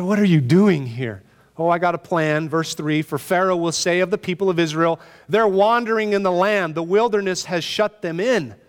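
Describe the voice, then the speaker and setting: A pastor with a high, smooth voice preaches a sermon in an animated, conversational way, firing rhetorical questions at his listeners. A long reverb tail follows his speech.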